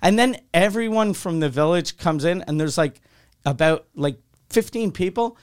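A man's voice: a little high, animated, normal speed, clear, resonant tone. A man hosting a podcast, telling a long dream story in casual chat, rambling and swearing freely. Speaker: podcast host.

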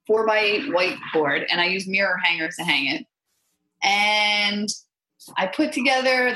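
A woman's voice: medium pitch, pushed and bright, roomy sound, poor audio. A woman guest in a casual podcast interview, talking chattily about her business numbers with lots of fillers. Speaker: real estate investor guest.

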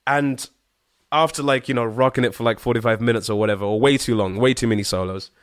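A Zimbabwean guest singer-songwriter tells a story in a casual chat, speaking fast in an animated, slangy style packed with fillers and the occasional curse. His voice is middle-pitched, and the sound is dry and close, without room echo.

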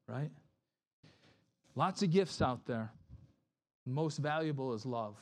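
A pastor preaching a conversational sermon, acting out quoted voices, often asking "right?" and restarting sentences. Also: male voice, on the high side, lively intonation, unhurried, pauses often, a little mellow.

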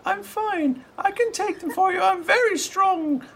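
Man putting on a small boy's voice, high and piping, eager, coughing, noisy background. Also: a little slow, creaky, heavily acted. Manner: eager, coughing, insists he is strong.

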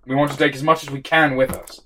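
A man's voice: mid-range voice, level tone, fast, bright, forceful tone, slight background noise, poor audio. A man playing a tabletop game, speaking playfully and slipping into a lordly character. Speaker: player. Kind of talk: tabletop role-play, casual.

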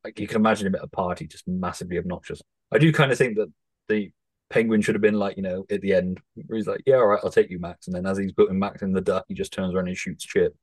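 A lower-pitched man talks films in a loose, relaxed podcast chat, dropping swear words as he goes. The sound is close and dry, with hardly any room around it. He often breaks off mid-thought and starts again. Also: fast talker, dry recording. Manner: swearing, laid-back, self-interrupting. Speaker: podcast host. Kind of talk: casual film chat.

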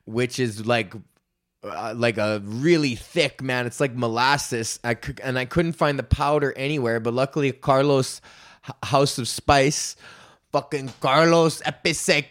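A young man hosting his own podcast, ranting casually and swearing often as he rambles. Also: mid-range voice. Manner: profane, rambling, breaks into sung freestyle bits. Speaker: podcast host. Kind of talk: casual solo rant.

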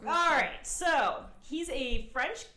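A woman's voice: high-pitched, slow, a little hiss or hum. A woman with a Midwestern accent co-hosting a casual podcast, chatting playfully and eagerly with friends. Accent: Midwestern American. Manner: excitable, playful, animated storytelling. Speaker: podcast co-host. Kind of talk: casual chat.

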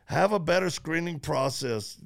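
A man hosting a casual podcast conversation, his voice gravelly and set a little high. He tells stories in quick, animated bursts, laughing as he goes. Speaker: podcast host. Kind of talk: casual interview chat.

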